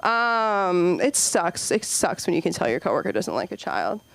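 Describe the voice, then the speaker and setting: A woman's voice: lowish voice, big pitch swings, normal speed, gravelly. A young woman performing a rambling, self-deprecating stand-up set on a comedy club stage, peppering her talk with "like" and "you know.".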